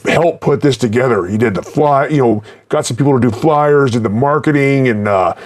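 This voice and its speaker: A man's voice: medium pitch, moderate pace. Rambling, cussing man telling tour stories. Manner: rambling, profane, with many fillers. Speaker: black metal musician. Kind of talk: casual tour recap.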